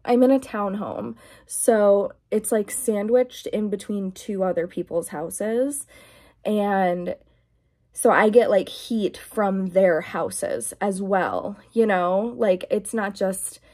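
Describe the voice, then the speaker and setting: Chatty woman ranting half in whisper. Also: medium pitch. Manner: chatty, exasperated, drifts between talking and whispering. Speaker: ASMR vlogger. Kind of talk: casual rambling rant. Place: garage at home. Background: quiet, dim garage.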